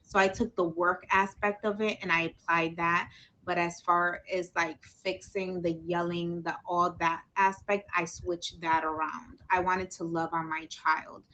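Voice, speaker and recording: Bright-voiced effusive woman host. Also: fairly low pitch, level tone, unhurried, poor audio. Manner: emotional, effusive, says "y'all" often. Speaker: podcast host. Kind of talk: casual livestream chat.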